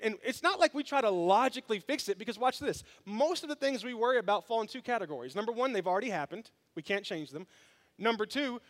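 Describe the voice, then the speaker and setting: High-voiced, animated preaching man. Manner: animated storytelling with humor, addressing the congregation. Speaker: pastor. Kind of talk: sermon. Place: church sanctuary.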